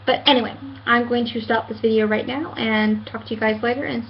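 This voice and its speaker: A woman in her late twenties vents to her webcam at home, earnest and halting, restarting her sentences and filling pauses with "um". Her voice sits a little high. The audio is muffled and lo-fi, with a faint hiss underneath. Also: steady tone. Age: 20s. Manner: hesitant, many fillers and restarts, earnest. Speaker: vlogger. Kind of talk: casual rant to camera.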